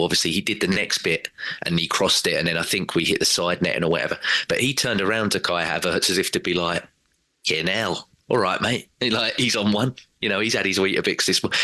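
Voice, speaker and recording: A low-voiced man chats casually about football on a podcast, rambling and animated and slipping into quoted voices. His tone is bright and forceful, and the recording is dry and close. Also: a little fast, no echo. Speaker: podcast regular.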